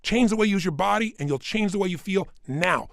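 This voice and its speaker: A middle-aged man delivers an energetic motivational talk, leaping between hushed asides and loud, emphatic bursts. His pitch sits fairly high for a man and moves with a lively range. He speaks close to a studio microphone with a dry, dead sound. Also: fairly quick, gravelly, dry recording. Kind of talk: motivational talk recorded for audio program.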